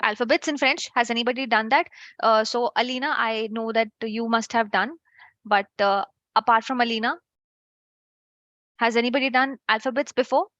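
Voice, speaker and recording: A woman's voice: on the high side, fairly even intonation, moderate pace, fairly bright tone, no echo, lo-fi sound. A woman teaching an online French class, chatty and checking in with her students.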